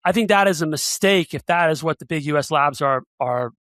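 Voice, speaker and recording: A man's voice: fairly high pitch, brisk, fairly bright tone, no echo, clean studio sound. A middle-aged man as an interview guest, speaking hesitantly and often restarting his sentences. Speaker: guest analyst. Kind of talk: casual interview chat.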